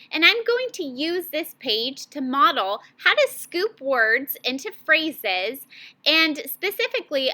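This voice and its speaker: A woman teacher giving an online reading lesson to children, modeling reading aloud in a slow, clearly paced way. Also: high voice, bright, forceful tone.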